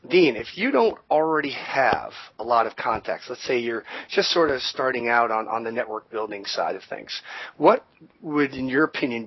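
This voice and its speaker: A man co-hosting a podcast, talking in a relaxed, rambling way with plenty of fillers and restarts. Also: medium pitch, no room sound, highs cut off. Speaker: co-host. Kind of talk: conversational business podcast.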